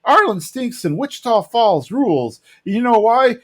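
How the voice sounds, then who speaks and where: A man's voice: extremely high pitch, sing-song, measured pace, fairly bright tone, pitched above the performer's own voice, exaggerated voice. Man doing a grumpy propane store manager. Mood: indignant. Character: grumpy adult male propane store manager, woken from a nap. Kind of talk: podcast retelling with a quoted voice.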